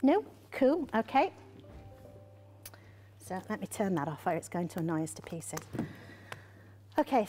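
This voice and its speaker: A woman's voice: on the high side, mellow, slight background noise. Chatty woman. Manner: chatty, many ums and restarts. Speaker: presenter at a business meeting. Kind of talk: informal presentation to local businesses.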